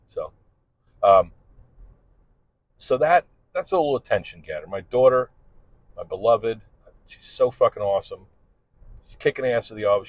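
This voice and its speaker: A man's voice: lowish voice, no room sound. A middle-aged man telling a rambling, profane story in a casual, candid monologue. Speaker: podcast host and father. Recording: dull lo-fi recording.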